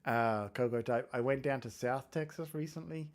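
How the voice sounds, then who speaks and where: A developer from England hosts a relaxed live coding stream with a mid-range voice at a moderate pace. He chats away, reads out viewer comments, and jokes self-deprecatingly about his code.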